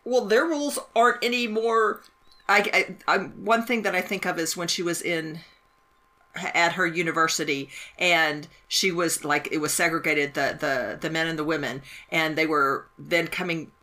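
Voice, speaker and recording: A woman who teaches, talking casually about a film in a halting, emphatic way with many restarts. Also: lowish voice, bright, forceful tone. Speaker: teacher and podcast co-host.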